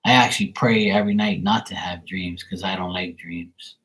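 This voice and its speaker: A man's voice: sits low, fairly even intonation, moderate pace, fairly bright tone. A man hosting a tarot livestream, chatting casually with viewers in a rambling, profane storytelling way.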